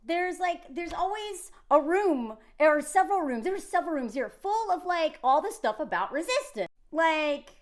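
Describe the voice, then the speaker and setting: A woman's voice: very high-pitched, very animated, normal speed, few pauses. A woman in her forties from the South, giving chatty, emphatic commentary that wanders between points. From Southern United States. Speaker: video creator. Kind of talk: casual talking-head commentary.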